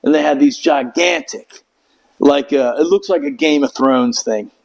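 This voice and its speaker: A man's voice: a little high, unhurried, gravelly, rough recording. A middle-aged man telling a rambling, profane story in casual chat, acting out quotes in raised voices. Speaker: Marine veteran guest.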